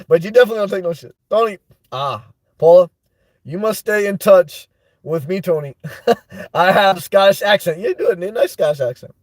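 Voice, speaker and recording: A middle-aged man runs a casual livestream, answering chat and laughing often. His voice sits fairly high for a man. The sound is dry and close to the mic. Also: brisk, no room sound. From New York. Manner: chatty, laughs often, reads comments aloud. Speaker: livestream host. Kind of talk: live chat shout-outs.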